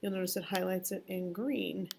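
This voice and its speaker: Brief: woman, low gravelly voice, step-by-step tutorial narration, faint noise. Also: steady tone, normal speed, darkish tone. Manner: step-by-step, plain explanation. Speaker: teacher demonstrating software. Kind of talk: screen tutorial.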